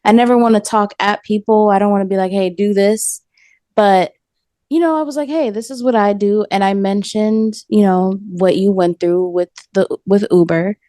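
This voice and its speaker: A woman's voice: mid-range voice, fairly even intonation, moderate pace, warm tone, dry recording, studio quality. A woman hosting a podcast in casual chat, easygoing and full of fillers. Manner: easygoing, full of "you know" and "like". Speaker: podcast host.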